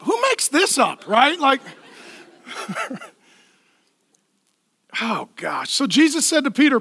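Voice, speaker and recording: A male pastor preaching a lively, playful sermon in a church, acting out the people in the story. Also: very high voice, dry recording. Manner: animated, playful, acts out voices and laughs at own jokes.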